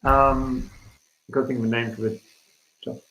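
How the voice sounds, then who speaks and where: A man playing a tabletop game, halting and filler-heavy as he works out his ideas. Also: medium pitch, little pitch movement, fairly bright tone, echoey room, low-quality recording. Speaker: player.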